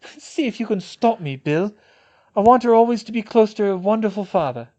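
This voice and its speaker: Male reader as a breathy, worn-out young mother, lifted pitch. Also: lively intonation, moderate pace, dull audio. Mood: breathless. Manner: breathless, soft.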